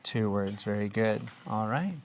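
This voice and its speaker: A man's voice: fairly low pitch, measured pace, slight background noise. A man teaching a reading lesson in a classroom, asking young pupils patient, encouraging questions.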